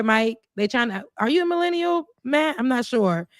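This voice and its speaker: A woman's voice: fairly high pitch, animated, normal speed, dry recording, studio quality. A young woman co-hosting a casual podcast, chatting animatedly and reading out viewer comments. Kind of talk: casual chat.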